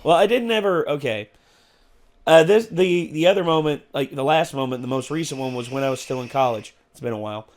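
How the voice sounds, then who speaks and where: Man, slightly higher voice, casual chat, rambling, lots of restarts. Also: fairly quick. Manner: rambling, many restarts and fillers. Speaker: co-host of reaction show.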